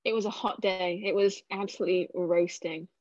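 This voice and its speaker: Chatty young Englishwoman, flat delivery. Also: fairly low pitch, moderate pace, no echo, dull audio. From England. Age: 20s. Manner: chatty, self-deprecating, many fillers. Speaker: cricketer guest. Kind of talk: casual interview answers.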